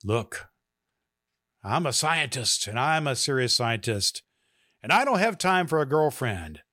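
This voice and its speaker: A man voicing a serious, nerdy male scientist in a joke, speaking flatly and plainly. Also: mid-range voice, a little slow, no echo, studio quality, full character voice. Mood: matter-of-fact.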